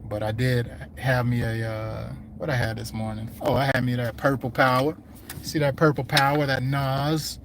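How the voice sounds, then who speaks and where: A man who runs a landscaping business, chatting casually on a livestream from his truck, rambling and slangy, his voice going hoarse. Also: mid-range voice, little pitch movement, normal speed, fairly bright tone. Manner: rambling, laid-back, slangy talk. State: hungry and losing his voice. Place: inside his truck while driving. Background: faint vehicle road noise.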